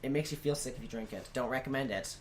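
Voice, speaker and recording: A man co-hosting a casual podcast with friends, dropping wry, deadpan quips. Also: medium pitch, fast, slight background noise. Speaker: podcast co-host. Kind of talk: casual chat among friends.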